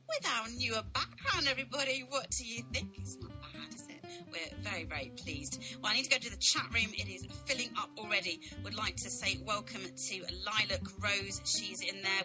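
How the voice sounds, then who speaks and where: A woman's voice: medium pitch, rough recording. Bubbly woman radio host over music. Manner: chatty, bubbly, full of fillers. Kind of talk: casual radio chat. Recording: music playing underneath.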